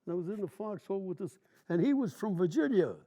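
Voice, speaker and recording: A man's voice: sits high, lively intonation, fast, dark tone. A man in his nineties, a war veteran, telling long stories from memory in plain, rambling, colloquial speech during an interview. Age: 90s.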